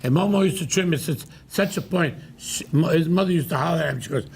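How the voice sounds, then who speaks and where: A man's voice: a little high, fast, gravelly, slight background noise. Older New man telling stories. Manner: lively storyteller, loud impressions of shouting. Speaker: host. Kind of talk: casual chat, storytelling.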